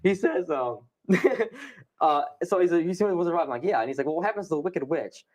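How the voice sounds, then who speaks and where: A young man, a podcast guest, telling a story in animated, fast casual conversation and swearing often. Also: fairly high pitch.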